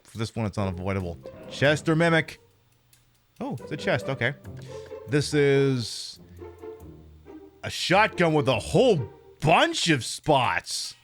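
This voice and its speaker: Guy streaming games, rambly casual chat, voice jumps around a lot, faint music behind. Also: mid-range voice. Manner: rambling, animated, drops into quick impressions. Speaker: streamer host. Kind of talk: casual live-stream chat while gaming.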